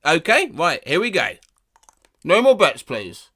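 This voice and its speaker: A comedy YouTuber reading strange words and sounds aloud with animated, exaggerated delivery and yelps. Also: male voice, a little high, unhurried, slightly rough.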